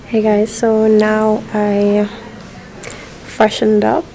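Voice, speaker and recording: A woman's voice: mid-range voice, monotone, extremely slow, warm tone, a little hiss or hum, poor audio. A woman from Jamaica talking casually to her camera in an airport terminal, chatty and full of fillers. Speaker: vlogger.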